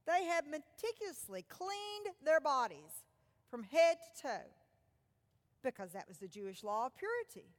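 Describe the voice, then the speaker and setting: A woman preaching a sermon, retelling a scripture story in an animated way that moves from loud passages to hushed ones. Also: high voice, unhurried, in a large hall.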